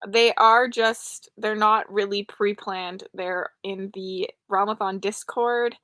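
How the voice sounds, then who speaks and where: A woman's voice: medium pitch, steady tone, slow pace, a bit bright, no echo. A young woman hosting a late-night livestream, chatting casually with viewers and poking fun at herself. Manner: chatty, self-deprecating, answers chat. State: tired, up late. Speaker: livestream host. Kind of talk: casual live chat.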